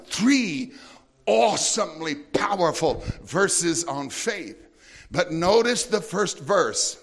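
A bright, gravelly man preaching from the pulpit. His voice sits a little high and carries a hard, forceful edge. He swings between shouted, sing-song praise and slow, deliberate readings of scripture. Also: expressive. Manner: builds to shouted, sing-song praise then drops to a low teaching tone; reads scripture slowly and deliberately. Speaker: pastor. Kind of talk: sermon.

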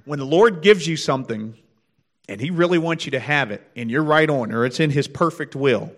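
A man's voice: fairly high pitch, lively intonation, a bit bright. A man giving a short sermon and exhorting the congregation in an earnest way. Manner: earnest, exhorting, quick bursts. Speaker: preacher.

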